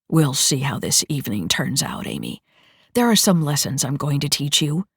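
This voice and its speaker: A man's voice: on the high side, very animated, normal speed, vocal fry, fairly bright tone, slightly rough, no room sound, studio quality, heavily acted. A woman voicing a smug, cruel dictator. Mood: smug menace. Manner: smug, taunting, cooing. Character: cruel scheming male dictator, menacing.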